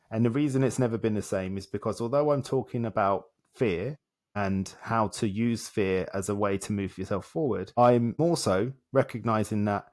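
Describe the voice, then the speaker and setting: A self-development coach appears as a guest on a podcast interview, animatedly telling stories and acting out dialogue in short, repeated phrases. He has a lowish voice with a darkish tone.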